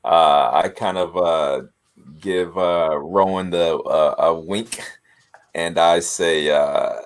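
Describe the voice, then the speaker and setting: A man playing a tabletop game, speaking haltingly with many fillers and frequent laughter. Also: deep voice, animated, vocal fry. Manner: halting, full of uhs, laughs often. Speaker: player.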